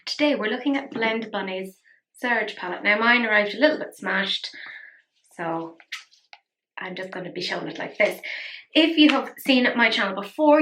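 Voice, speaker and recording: A woman's voice: on the high side, a bit bright, a little hiss or hum. A tired woman chatting playfully through a casual makeup tutorial, poking fun at herself. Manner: chatty, playful, self-mocking. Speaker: beauty vlogger.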